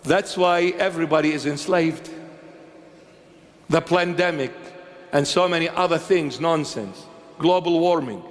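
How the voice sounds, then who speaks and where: Fiery high-voiced preacher in a reverberant church. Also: male voice, measured pace, long pauses. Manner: fiery, mocking, addresses listeners as "my son" and "my daughter". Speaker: bishop preacher. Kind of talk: sermon.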